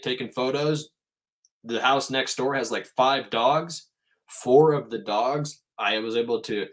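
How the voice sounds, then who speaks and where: A man's voice: mid-range voice, a bit bright. Emphatic man talking about faith. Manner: emphatic, swears freely. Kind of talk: casual spiritual monologue.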